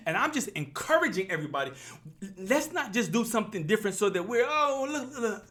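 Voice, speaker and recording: A man's voice: sits high, big pitch swings, brisk, fairly bright tone. A man, speaking in an impassioned, preachy vlog style and repeating his phrases for emphasis. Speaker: YouTube commentator. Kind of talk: impassioned motivational vlog talk.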